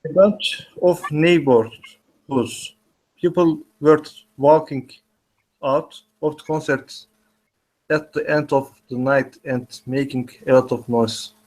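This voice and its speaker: A man's voice: on the high side, steady tone, slow, darkish tone, rough recording. A man in a language class reading a practice dialogue aloud carefully. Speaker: language student.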